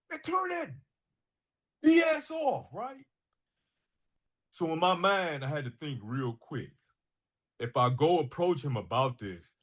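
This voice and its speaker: A man's voice: medium pitch, slightly rough. A middle-aged man, a guest on a podcast, telling a personal story with animation and acting out the dialogue. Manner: animated storyteller who acts out quoted dialogue. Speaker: podcast guest, artist and filmmaker.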